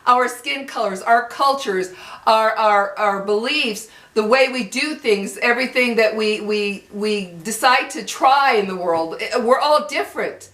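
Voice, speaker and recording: A woman's voice: a little high, a little slow, a bit bright, roomy sound. An older woman with children and grandchildren, ranting angrily to her viewers, cursing and repeating herself for emphasis. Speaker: vlogger. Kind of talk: angry rant to camera.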